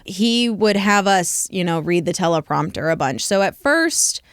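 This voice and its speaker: A woman's voice: fairly low pitch, expressive, measured pace, smooth, dry recording, clean studio sound. A young woman who works as a news anchor, chatting casually as an interview guest, laughing often and talking with lots of likes and ums. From American Midwest.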